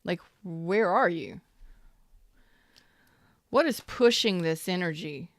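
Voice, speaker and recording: A woman gives a casual tarot reading in a fairly low, expressive voice, speaking slowly on a dry recording. She repeats herself emphatically and swears sometimes when she gets worked up.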